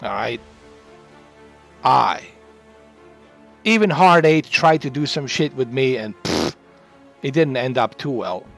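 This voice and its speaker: A man's voice: mid-range voice, animated, takes it slowly, creaky, long pauses, fairly bright tone, soft background music. A man chatting on a livestream in a boastful, rambling, profane way.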